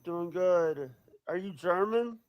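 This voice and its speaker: A man's voice: high-pitched, slow pace, no echo, lo-fi sound. A friendly man dropping into a livestream on a cheap headset, apologetic and easygoing. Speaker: caller on a livestream. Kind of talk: casual chat.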